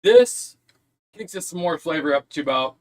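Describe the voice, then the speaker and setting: A man's voice: fairly high pitch, fast talker, a bit bright, a little hiss or hum. A man joking and laughing his way through a casual home kitchen cook-off. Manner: laughs often, jokey and loose. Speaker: cook-off contestant. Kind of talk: casual chat.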